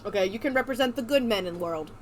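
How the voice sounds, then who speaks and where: A woman's voice: on the high side, expressive, racing, a little hiss or hum. A woman hosting a let's play, joking around in casual gameplay commentary. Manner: joking, playful.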